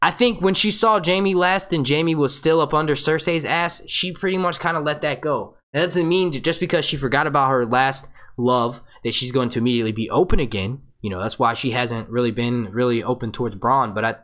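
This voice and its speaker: Speaking into a webcam mic before a green screen, a medium-pitched man runs a live breakdown stream in a loose, casual style. He's excitable and profane, and keeps breaking into quick jokey impressions.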